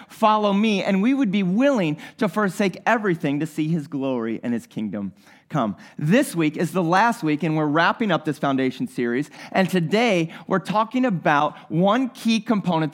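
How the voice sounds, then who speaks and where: A man preaching a sermon as pastor, earnest and talking straight to the congregation, often repeating his phrases. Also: high voice.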